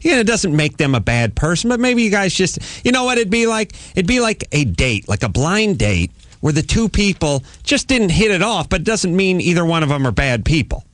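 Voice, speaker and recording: A man's voice: big pitch swings, moderate pace, few pauses, a bit bright, dry recording. A man hosting a comic talk radio show, riffing and joking with a guest. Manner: joking, riffing, mock high voice for quotes. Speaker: radio host.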